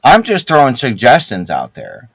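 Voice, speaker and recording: A man talking over a headset in a gaming group chat, his pitch swinging widely as he pushes his point. He rambles, trips over his words and swears heavily. The sound is dry and close. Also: wildly swooping pitch, normal speed, vocal fry, a bit bright, breathy edge, no echo, low-quality recording. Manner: rambling, heavy swearing, many restarts. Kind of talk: heated casual voice-chat argument.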